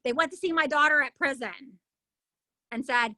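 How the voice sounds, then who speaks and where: A middle-aged woman telling her own story as an interview guest, animated and indignant, acting out what others said. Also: high-pitched, normal speed, dry recording. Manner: animated, acts out other people's lines. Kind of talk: emotional personal storytelling.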